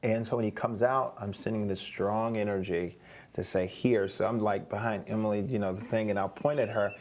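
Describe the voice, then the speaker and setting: A man's voice: lowish voice, fairly even intonation, moderate pace, a little mellow. A middle-aged man, a guest on an interview show, animatedly telling a story, acting out quoted voices, with frequent restarts.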